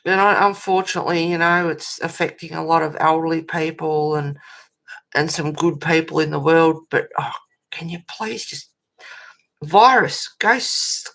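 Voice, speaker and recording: A low-voiced Australian woman hosts a colouring livestream in a casual chat. She rants bluntly and swears freely, breaking off to answer chat messages. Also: level tone, moderate pace, gravelly. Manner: reacts to chat messages with laughs.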